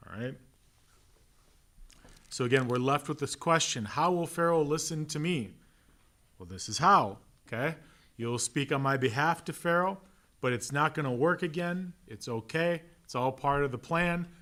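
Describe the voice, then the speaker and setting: A pastor teaching a relaxed Bible class, conversational and joking, with an Upper Midwest American accent. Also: male voice, mid-range voice. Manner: conversational, asks "right?" often, acts out quick voices. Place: church classroom.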